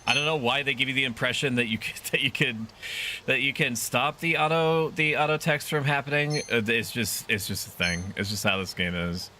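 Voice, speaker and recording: A man's voice: medium pitch, brisk, sharp tone, slight background noise. A man casually commenting on a game stream, swearing freely and reading game text aloud in a jokey way.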